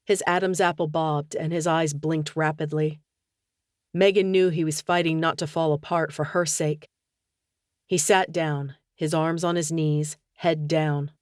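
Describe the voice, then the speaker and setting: A woman narrating a novel audiobook in a steady, measured reading. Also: low-pitched, dry recording, studio quality. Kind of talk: scripted narration.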